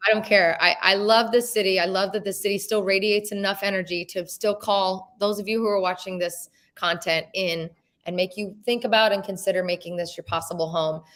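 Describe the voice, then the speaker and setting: A woman's voice: mid-range voice, steady tone, a little fast, fairly bright tone. A woman who hosts a real estate show, chatting casually and emotionally, with the odd swear word. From Las Vegas. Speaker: real estate agent and host. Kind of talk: casual chat.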